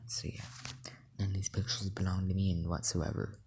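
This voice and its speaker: A fan storyteller at home at night, talking low in a near whisper, rambling with many fillers. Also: flat delivery, moderate pace, darkish tone, slight background noise. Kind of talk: casual fan-fiction storytelling.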